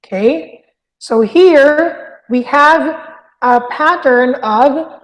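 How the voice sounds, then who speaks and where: A woman's voice: sits high, extremely slow. A woman teaching a literature review lesson, explaining step by step and often checking in with "okay?". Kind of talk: recorded lecture. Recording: long hall reverb.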